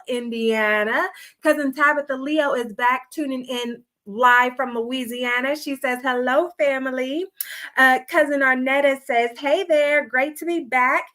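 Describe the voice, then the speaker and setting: High pitched lady running a devotional livestream, chatty and folksy, bit out of breath. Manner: warm greetings to viewers by name, folksy. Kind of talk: casual livestream welcome.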